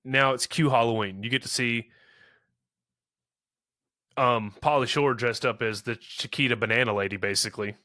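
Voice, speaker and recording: A man in his thirties chats through a movie recap, loose and rambling, scattering fillers and slipping into the characters' lines. His voice is bright and forward. The sound is dry and close. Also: medium pitch, moderate pace, long pauses, dry recording. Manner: rambling, many "you know" fillers, acts out quotes. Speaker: podcast co-host. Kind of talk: casual movie recap chat.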